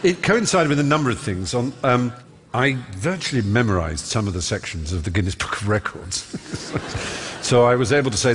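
Fluent, fast-storytelling English man. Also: medium pitch, lively intonation, a little hiss or hum. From England. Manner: quick, fluent storytelling with fond mimicry. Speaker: guest on stage. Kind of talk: live on-stage conversation. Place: large concert hall stage.

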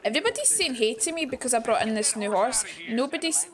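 A woman's voice: a little high, animated, crowd noise. Chatty Scottish woman streamer. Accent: Scottish, Fife. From Scotland. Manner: playful, chatty, quick asides to chat. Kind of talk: casual gameplay chat.

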